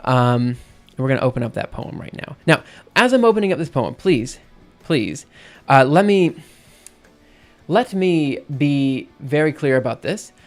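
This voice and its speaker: A man's voice: mid-range voice, expressive, unhurried, soft background music. A man live-streaming in casual chat, rambling and self-interrupting, often checking in with "right?" between thoughts.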